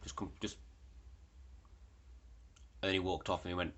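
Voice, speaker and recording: A man's voice: low-pitched, little pitch movement, normal speed, fairly bright tone. A young man telling a story in a rambling, casual way, with lots of fillers and swearing. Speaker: vlogger.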